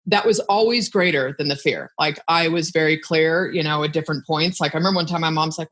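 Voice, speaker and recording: A woman's voice: low-pitched, fast, hardly any pauses, a bit bright. A woman guest on a podcast, talking frankly and emphatically about her work in a casual chat. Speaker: podcast guest, content creator.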